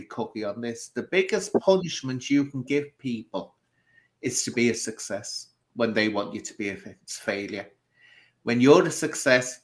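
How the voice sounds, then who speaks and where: A man's voice: medium pitch, poor audio. A man hosting a conversation, musing aloud and putting long, loosely strung questions to his guests. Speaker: host. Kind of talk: casual chat.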